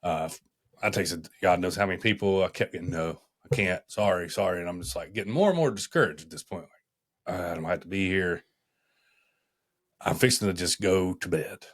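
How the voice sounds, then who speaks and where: A man, a firefighter guest, tells his story on a podcast, halting often and restarting his sentences. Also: sits low.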